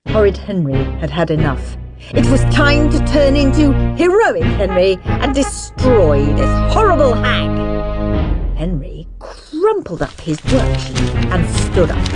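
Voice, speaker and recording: A woman narrating a children's audiobook in an expressive, playful way. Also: mid-range voice, unhurried, loud music behind the voice. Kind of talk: scripted storybook narration.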